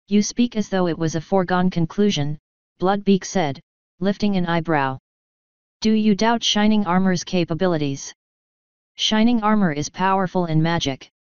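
A woman reading a fanfiction story aloud in an even, measured way, giving every character the same plain voice. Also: on the low side, smooth, no room sound. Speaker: fanfiction reader. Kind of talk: audiobook-style story narration. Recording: dull, slightly lo-fi sound, dry close mic.

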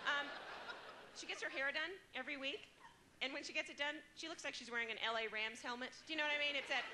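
High-voiced woman doing stand-up. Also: background noise. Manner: chatty, self-mocking, quick asides to the crowd. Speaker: stand-up comedian. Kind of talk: stand-up comedy set. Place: comedy club stage.

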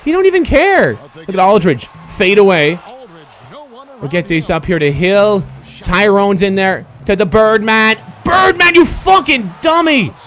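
A young man streaming a basketball video game, giving excitable, profane commentary and shouting at his players. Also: high-pitched, a little slow. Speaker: gaming streamer.

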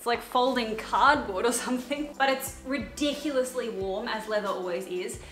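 Chatty Australian woman, higher voice. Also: fairly bright tone, slight background noise. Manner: bubbly and chatty, quick asides and laughs. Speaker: thrift haul vlogger. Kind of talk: casual chatty vlog. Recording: echoey room, faint music behind.

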